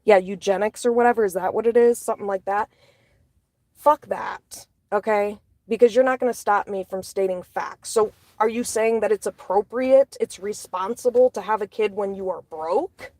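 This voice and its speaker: A woman ranting into the camera, blunt and full of swearing. Her voice sits at an ordinary pitch for a woman. It is recorded dry and close, with no room sound. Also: moderate pace, a little mellow, no echo. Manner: profane, blunt, heated. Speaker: commentator. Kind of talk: angry ranting monologue.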